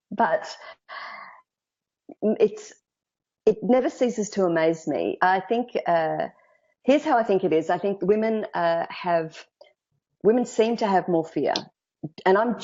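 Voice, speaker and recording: A woman with an Australian accent, a public speaking coach giving lively, emphatic advice in an interview over a video call. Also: mid-range voice, muffled recording. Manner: lively, emphatic, acts out quoted thoughts.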